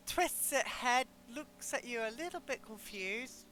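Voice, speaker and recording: A woman game master narrates a tabletop game, stopping, correcting herself and joking along the way. Her voice is bright and fairly high, with a lively swing in pitch. A faint hum runs under the recording. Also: rough recording. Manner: halting, self-correcting, joking.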